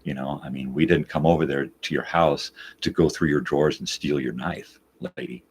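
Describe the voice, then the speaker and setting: Speaking at normal speed in a bass voice, a man hosting a live morning show shares a story casually, cursing and clearly exasperated. He plays out both sides of what was said with animation, against a slight hiss or hum.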